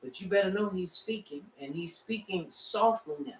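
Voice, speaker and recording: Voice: mid-range voice, moderate pace, a bit bright, slight background noise. A Shabbat class teacher preaches to a small congregation, drawing answers from the room with rhetorical questions. The voice sits well back from the microphone in a roomy space. A faint ambience hums underneath. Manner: conversational preaching with rhetorical questions and call-and-response. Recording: echoey room, distant mic, faint ambience.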